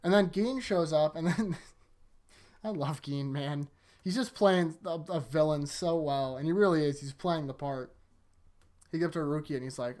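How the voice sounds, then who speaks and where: A host casually recapping anime episodes, chatty and laughing often, acting out quick character lines while retelling scenes. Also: medium pitch, a little mellow. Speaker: anime rewatch reviewer.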